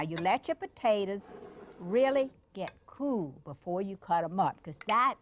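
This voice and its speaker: A woman's voice: mid-range voice, a little hiss or hum. An older woman with a Cajun accent hosting a cooking show. She chats affectionately with a child beside her as she demonstrates a dish. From Louisiana. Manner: chatty and affectionate, talks to the child while cooking.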